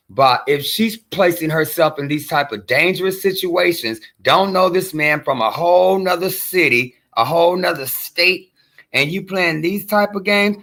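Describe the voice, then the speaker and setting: A man's voice: fairly high pitch, gravelly, bright, forceful tone. A man hosting a show, giving casual and rambling commentary on a clip he is playing. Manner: conversational, rambling, full of fillers. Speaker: show host reacting to a clip.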